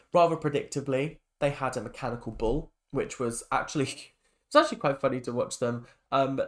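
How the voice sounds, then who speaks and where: A young man talks through a reality show in a loose, rambling vlog. He has a mid-pitched voice and keeps circling back with fillers and restarts, in the easy tone of a casual opinion rant. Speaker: reality TV reaction vlogger.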